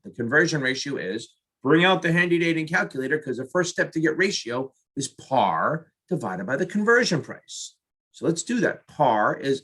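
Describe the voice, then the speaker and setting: A middle-aged man with a bright, forceful tone and a husky edge reads practice exam questions aloud and reasons through each answer on the spot. He jokes at his own expense and chats to himself as he works. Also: mid-range voice. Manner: jokey, self-mocking, talks to himself while solving. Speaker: exam prep tutor.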